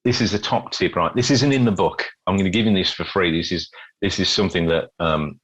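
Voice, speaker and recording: On a rough recording, a man with a low-sitting voice talks fairly quickly. This middle-aged British busker, a guest in a casual interview, spins animated stories, acts out quotes, and frequently repeats words along the way.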